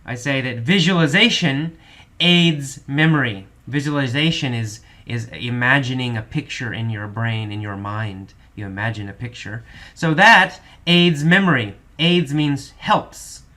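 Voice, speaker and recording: A man with a bright, forceful voice teaching an English vocabulary lesson. He explains each word patiently and repeats its meaning several times, with the odd "uh" between phrases. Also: mid-range voice. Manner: slow, patient explanations with repetition and fillers.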